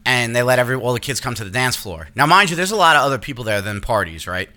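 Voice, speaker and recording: Casual podcast host, man in his thirties, crisp bright tone, profane and animated storyteller. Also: mid-range voice, quick pace. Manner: animated, profane, acts out quotes in raised voice.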